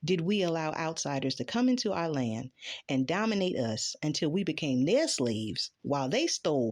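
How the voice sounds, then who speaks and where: Low-voiced impassioned woman vlogger. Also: sing-song, normal speed, darkish tone. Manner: impassioned, rhetorical questions, swears. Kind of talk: casual opinion monologue to camera.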